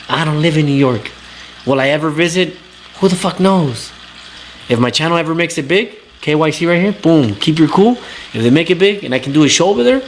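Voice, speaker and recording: Man, young, talk-show host, profane blunt rants, mid pitch, faint background noise. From Southern California. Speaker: talk show host reading live chat. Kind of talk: casual livestream rant.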